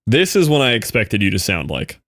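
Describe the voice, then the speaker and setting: A man's voice: fairly low pitch, big pitch swings, brisk, a bit bright, dry recording. Joking man streaming a game. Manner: joking, chatty, talks back to videos. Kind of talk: casual gameplay commentary.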